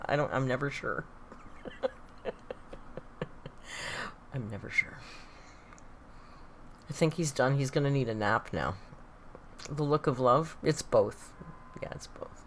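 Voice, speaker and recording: A woman's voice: very deep voice, measured pace, pauses often, a little hiss or hum. A woman from southern Ontario with a Canadian accent, chatting casually and laughing often while hosting a livestream. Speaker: livestream host. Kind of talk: casual live chat with viewers.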